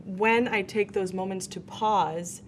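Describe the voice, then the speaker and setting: A woman on a talk show panel, sharing her own experience in a reflective way and pausing to search for words. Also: medium pitch, steady tone, a little hiss or hum.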